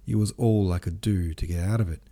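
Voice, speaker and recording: A man's voice: deep voice, steady tone, brisk, warm tone. A man reading the part of a brooding, bitter young nobleman who argues in a gloomy, cutting way.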